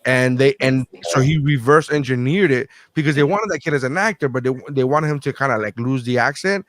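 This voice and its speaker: A man in casual podcast chat, swearing freely as he tells stories with animated energy. His voice sits at a middle pitch. The recording is dry and close, with little room sound. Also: fairly quick, no echo. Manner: loose, profane and animated storytelling. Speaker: podcast co-host.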